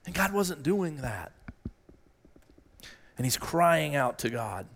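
A man preaching an earnest sermon, his voice sitting a little high for a man. He repeats phrases as he works through his points and lifts his pitch sharply when voicing pleas. The sound rings with the long reverb of a large hall. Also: very animated, slow, vocal fry, fairly bright tone. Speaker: pastor.

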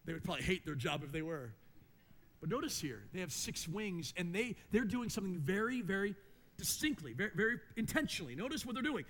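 Guy preaching, high voice, lots of repeating and questions to the crowd, echoey church. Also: a bit bright. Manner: emphatic preaching with repetitions and rhetorical questions. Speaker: pastor. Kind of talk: sermon. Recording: long reverb of a large hall.

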